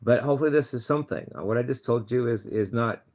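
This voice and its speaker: A man's voice: mid-range voice, fast, a little mellow, a little hiss or hum. A man talking straight to his viewers in a casual vlog, rambling with many restarts and repeated words as he earnestly gives advice. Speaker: channel host.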